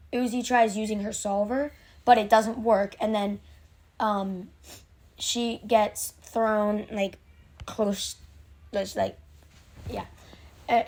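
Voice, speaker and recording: A woman excitedly recapping an episode in a casual, rambling way, with many fillers and restarts. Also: medium pitch.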